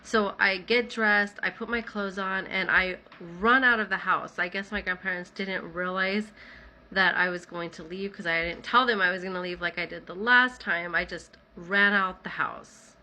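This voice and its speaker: A woman with a bright, clear voice tells her own story in a loose, everyday way. She fills her sentences with "like" and "you know" as she goes. Her voice sits at an ordinary middle pitch. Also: fairly even intonation, moderate pace. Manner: conversational, many "like" fillers. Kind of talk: casual first-person storytelling.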